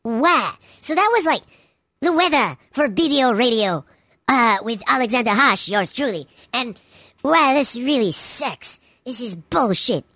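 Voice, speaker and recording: A woman's voice: a little high, animated, measured pace, pushed and bright, no room sound, studio quality, exaggerated voice. A woman doing a slurring, wasted weatherman. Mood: stoned gripe. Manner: slurred, drifting, complaining with swearing. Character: wasted, miserable stoner weatherman. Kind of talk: comedy radio sketch.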